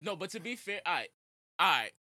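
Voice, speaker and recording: New man, high bright voice, lively swings, slangy chat, dry sound. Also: brisk, no echo. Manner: animated, laughing, slangy banter. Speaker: podcast co-host. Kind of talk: casual chat.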